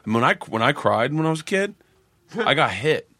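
Animated middle-aged man telling stories. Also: on the high side, normal speed, no room sound. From American South. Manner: animated storyteller, acts out quotes. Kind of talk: casual chat.

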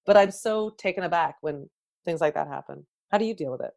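A woman's voice: lowish voice, brisk, creaky, darkish tone. A woman hosting a casual chat, empathetic and asking follow-up questions.

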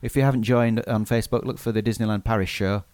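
A man's voice: lowish voice, fairly even intonation, fast talker, darkish tone, dry recording, clean studio sound. A man hosting a live podcast in casual chat, laughing often and restarting his sentences. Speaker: podcast host.

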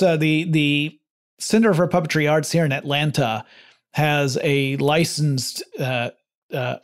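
A man co-hosting a podcast, explaining things in relaxed, casual storytelling. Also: on the high side. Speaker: podcast co-host. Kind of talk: casual chat.

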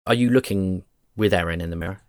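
A man from Britain narrating a tabletop game as game master, measured and descriptive. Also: low voice, darkish tone, dry recording, studio quality.

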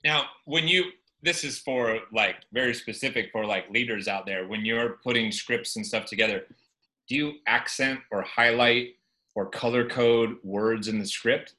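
A man hosts a podcast interview, putting a question together as he goes with a scattering of "like". His voice is bright and forceful, at a middle pitch. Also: measured pace. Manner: thinking aloud, filler "like". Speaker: podcast host.

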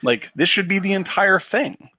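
A man's voice: sits high, animated, moderate pace, sharp tone. A man in casual podcast chat, rambling with many fillers and restarts, swearing freely.

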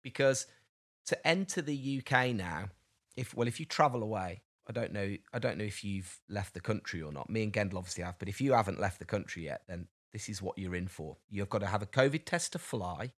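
A young man co-hosting a podcast, chatting casually and telling a lively story about his travel day. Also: on the low side, a little fast. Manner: chatty storyteller, animated when excited. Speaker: podcast co-host. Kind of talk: casual chat.

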